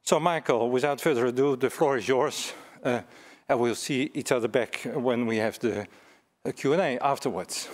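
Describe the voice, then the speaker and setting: A man's voice: mid-range voice, moderate pace. Man moderating a seminar, slightly out of breath. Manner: hesitant, with restarts. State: a little out of breath. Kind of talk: introducing a speaker.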